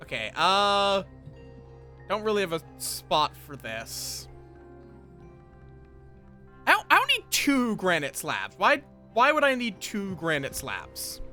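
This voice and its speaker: High, lively-voiced tired male streamer. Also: slow pace, long pauses, faint music behind. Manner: muttering to himself, thinking aloud. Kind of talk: casual gameplay commentary.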